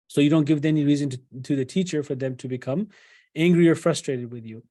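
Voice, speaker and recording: A man's voice: fairly high pitch, fast, mellow. A middle-aged man giving a conversational lecture to parents as a psychologist, often checking in with "right?" and acting out what a parent might say. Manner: conversational, many fillers and "right?" tags, acts out parent quotes.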